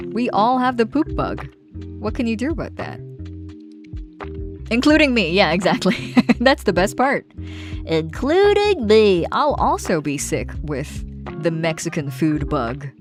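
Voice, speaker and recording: Woman streamer, playful and chatty, lively swooping pitch, music playing behind her. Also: moderate pace. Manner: chatty and playful, reads aloud then jokes. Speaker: streamer and artist. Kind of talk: casual livestream chat while drawing. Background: background music.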